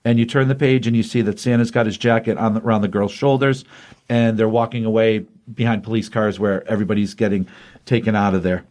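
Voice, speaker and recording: A man's voice: fairly low pitch, quick pace. A man co-hosting a comic book podcast, retelling a story in casual chat and acting out the quotes. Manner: animated retelling with acted quotes.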